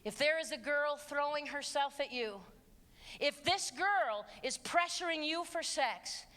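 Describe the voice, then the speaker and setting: A middle-aged woman giving a live talk to students and parents in an auditorium, emphatic and sarcastic, moving between hushed asides and shouts. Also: high-pitched, expressive, a little slow. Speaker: speaker addressing students and parents. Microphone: handheld stage mic. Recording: long hall reverb.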